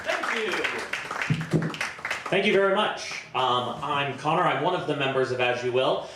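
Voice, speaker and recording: A man performing improvised comedy on stage, chatty and self-deprecating, often pausing with ums. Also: mid-range voice, lively intonation, heavy reverb, loud music behind the voice, over a noisy crowd. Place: festival stage before a live audience.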